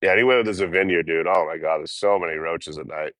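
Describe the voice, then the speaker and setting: A man with a very low voice tells road stories on a livestream, swearing freely and talking with animated energy. The sound is dry and close, with hardly any room echo. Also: fast talker. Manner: profane, animated storytelling. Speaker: hitchhiking livestreamer. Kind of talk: casual storytelling on a livestream.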